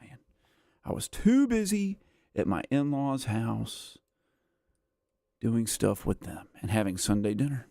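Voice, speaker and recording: A man's voice: mid-range voice, animated, slow, creaky, long pauses, warm tone, no room sound, studio quality. A man hosting a casual gameplay livestream, rambling and self-mocking as he chats, tired and worn out. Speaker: gaming livestream host. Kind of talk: casual live gameplay chat.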